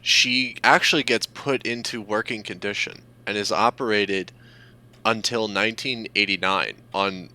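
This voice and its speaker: A man with a lowish voice and a very bright, sharp tone lays out facts in casual podcast chat. He is matter-of-fact and steady. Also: a little slow, rough recording. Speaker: podcast co-host. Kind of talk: casual chat, recounting history.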